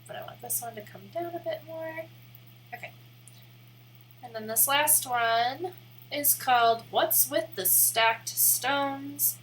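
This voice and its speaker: Bright-voiced Midwestern woman streaming. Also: high voice, slow pace, slight background noise, poor audio. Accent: American Midwest. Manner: chatty, rambling, self-deprecating. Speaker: live streamer. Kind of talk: casual livestream chat while working on screen.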